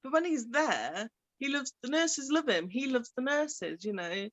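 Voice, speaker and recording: A woman's voice: sits high, big pitch swings, measured pace, a bit bright, dry recording, lo-fi sound. A young woman with a Birmingham accent, a parent talking casually in an interview and acting out what others say. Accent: Birmingham English. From England. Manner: chatty, acts out quoted speech, laughs often. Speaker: parent guest.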